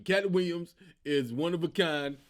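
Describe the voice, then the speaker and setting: A man hosting his own comedy show, giving casual, animated commentary and telling stories, laughing and slipping into character voices. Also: fairly high pitch, unhurried.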